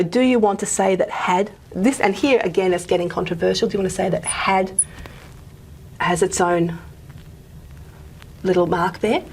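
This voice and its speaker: A woman's voice: mid-range voice, a little mellow, a little hiss or hum. A woman giving a pre-recorded linguistics lecture, thinking aloud and dropping to a murmur as she writes on the board. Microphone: microphone she wears.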